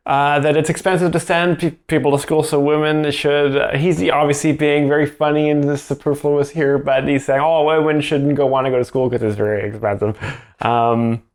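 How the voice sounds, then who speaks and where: A man hosting a dry, deadpan commentary that explains the jokes, hesitant and over-literal. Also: fairly high pitch, moderate pace. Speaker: joke explainer host.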